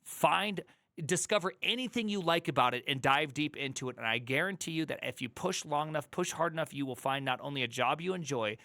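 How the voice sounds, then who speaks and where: A man's voice: on the high side, animated, fast talker, few pauses, pushed and bright, no room sound, studio quality. A man streaming live, reacting angrily to an article in a heated rant full of stammering restarts. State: angry and upset.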